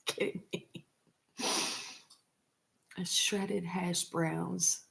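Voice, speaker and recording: Slow-talking woman, laughing and swearing. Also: lowish voice, gravelly, a bit bright. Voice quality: unhurried, trailing talk. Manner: laughs often, swears freely. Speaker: vlogger. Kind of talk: casual rambling chat.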